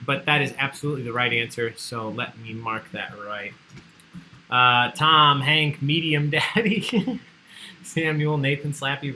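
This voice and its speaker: A man's voice: medium pitch, pushed and bright, poor audio. A man hosting an online trivia livestream, chatty and joking as he reads out the answers people sent in. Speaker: trivia host.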